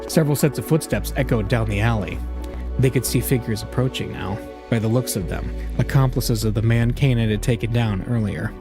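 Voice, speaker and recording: A man's voice: mid-range voice, fairly quick, music in the background. A man hosting a let's play, reading a visual novel aloud with casual, jokey asides.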